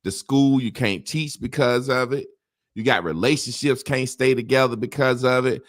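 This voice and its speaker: A man's voice: mid-range voice, moderate pace, no room sound, studio quality. A middle-aged man in a casual conversation, talking bluntly with rambling asides and frequent swearing. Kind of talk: casual talk-show conversation.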